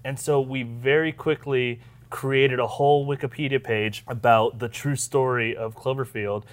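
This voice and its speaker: A man's voice: mid-range voice, fairly even intonation, normal speed. Joking man with a mid-range voice. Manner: joking, reads listener questions, laughs mid-sentence. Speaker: podcast co-host. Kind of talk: casual chat, storytelling.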